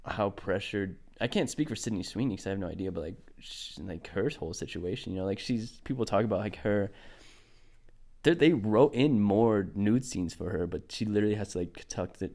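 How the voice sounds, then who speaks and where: A man's voice: fairly low pitch, fairly quick, darkish tone. A man in his twenties co-hosting a podcast, rambling casually with lots of fillers and laughs. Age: 20s. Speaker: podcast co-host. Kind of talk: casual chat.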